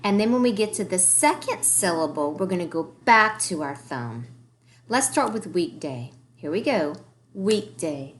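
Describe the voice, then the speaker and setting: A woman's voice: on the low side, sing-song, normal speed. A woman teaching a recorded early-grade reading lesson, encouraging the children and sounding out words letter by letter.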